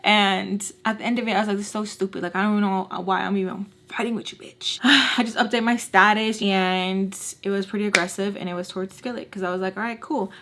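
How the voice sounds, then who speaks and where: A woman's voice: medium pitch, flat delivery, fast, few pauses, fairly bright tone. A young woman casually telling a personal story, chatty and full of fillers, acting out what others said. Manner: chatty, filler-heavy, acts out quoted lines.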